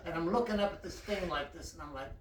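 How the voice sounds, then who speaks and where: A man's voice: a little high, fast, roomy sound, distant mic, crowd noise. A man telling a long personal story in casual, profane talk, laughing as he goes.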